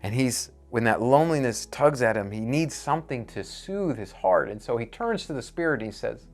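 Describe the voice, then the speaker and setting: A man's voice: medium pitch, animated, moderate pace, soft background music. A man preaching, telling a moral parable in an earnest storytelling manner.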